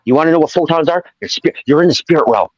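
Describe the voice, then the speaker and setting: A man who calls in to a live stream and shouts a profane, rambling rant from outdoors. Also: fairly high pitch, animated, racing, no room sound. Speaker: caller joining a live stream. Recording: lo-fi, muffled call audio.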